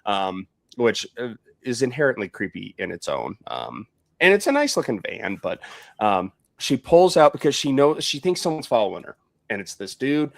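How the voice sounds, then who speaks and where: A man's voice: mid-range voice, wildly swooping pitch, moderate pace, creaky, no room sound, clean studio sound. A man co-hosting a podcast, recapping a film in casual chat, often laughing, swearing and sounding annoyed. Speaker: podcast co-host.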